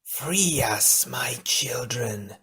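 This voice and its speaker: A man's voice: medium pitch, expressive, extremely slow, pushed and bright, slightly rough, exaggerated voice. A man voicing ancient monstrous imprisoned queens, wailing in a faint whisper in an audiobook. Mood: eerie pleading.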